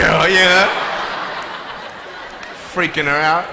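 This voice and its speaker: A motivational speaker shouts in a high voice as he gives a humorous, playful talk, joking and bantering with a live audience through quick asides. The recording is very noisy, set in an echoey hall with faint room ambience.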